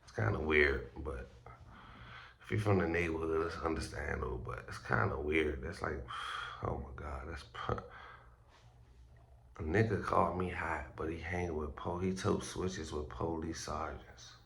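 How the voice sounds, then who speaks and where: Male blogger host, very low gravelly voice, casual and profane, a bit groggy from just waking up. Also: moderate pace, fairly bright tone. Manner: loose, slangy and profane, with stumbles and restarts. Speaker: street news blogger host. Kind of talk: casual vlog commentary.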